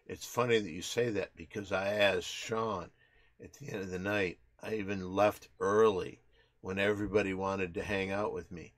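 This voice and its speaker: A man hosting a casual show, joking crudely and breaking into mock play-by-play with loud excited calls. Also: low voice, normal speed. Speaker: podcast host.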